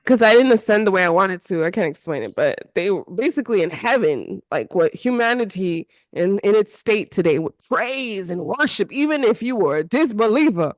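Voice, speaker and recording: Animated laughing woman, casual talk. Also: medium pitch, moderate pace, hardly any pauses, dry recording. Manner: animated, laughs often, slangy. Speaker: podcast co-host. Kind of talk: casual spiritual chat.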